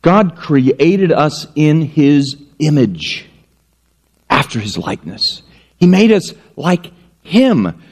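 A man's voice: fairly high pitch, takes it slowly. A male pastor preaching a sermon, telling stories and joking at his own expense before a congregation. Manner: animated storytelling with self-mocking jokes.

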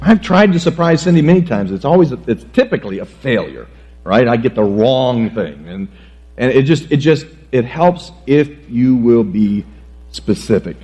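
A man's voice: mid-range voice, animated, normal speed, dark tone. A middle-aged man preaching a sermon on marriage in a folksy, joking way, often stumbling and restarting his phrases. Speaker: pastor. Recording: dull lo-fi sound with mains hum.

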